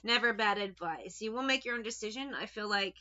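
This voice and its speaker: A woman's voice: mid-range voice, fairly quick, bright, forceful tone. A woman giving a casual tarot reading. She talks in a chatty, blunt way, swears now and then, and gives direct advice. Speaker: tarot reader. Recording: dull lo-fi recording.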